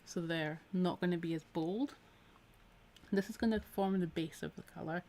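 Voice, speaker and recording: A woman's voice: fairly low pitch, normal speed, mellow. A Scottish woman giving a live needle felting tutorial in a chatty, encouraging way, her voice a little tired from a week of talking. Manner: chatty, encouraging, talks while working. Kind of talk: live-streamed craft tutorial.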